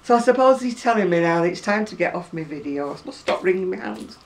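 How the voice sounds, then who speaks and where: This older crochet vlogger from England rambles casually to camera about her projects, self-deprecating throughout, in a fast, animated, medium-pitched voice with vocal fry. Faint room noise comes through the distant mic.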